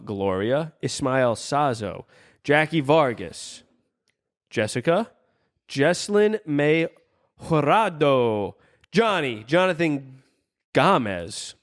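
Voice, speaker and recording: A young man co-hosting a podcast in casual, jokey chat, reading out supporter names. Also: on the high side. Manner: laid-back, jokey, reads out supporter names. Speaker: podcast co-host.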